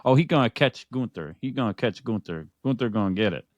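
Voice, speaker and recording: A man's voice: medium pitch, lively intonation, a little fast, dry recording, dull audio. A man co-hosting a casual wrestling podcast, talking in an easygoing way that is full of fillers and repeated phrases. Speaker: podcast co-host. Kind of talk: casual wrestling prediction chat.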